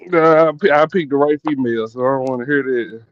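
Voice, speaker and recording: A man's voice: medium pitch, brisk, crowd noise. A man hosting a podcast, chatting casually with lots of profanity, rambling and repeating his words. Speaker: podcast host. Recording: dull lo-fi sound.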